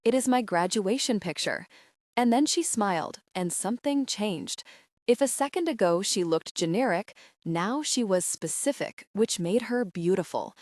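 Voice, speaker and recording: A woman narrating a young adult audiobook in the first person, steady and even. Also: mid-range voice, normal speed, no echo, studio quality.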